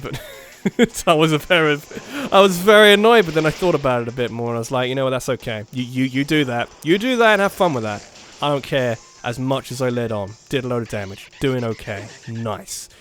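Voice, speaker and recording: Excitable man narrating his gameplay. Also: mid-range voice. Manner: excitable, jumps between muttered strategy and loud bursts, laughs often. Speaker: let's play gamer. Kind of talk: casual game commentary.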